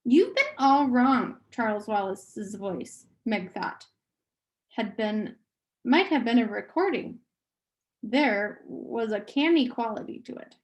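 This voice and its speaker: A woman reading a novel aloud at a steady pace, sometimes restarting a phrase. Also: medium pitch, slow pace, lo-fi sound. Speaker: audiobook reader.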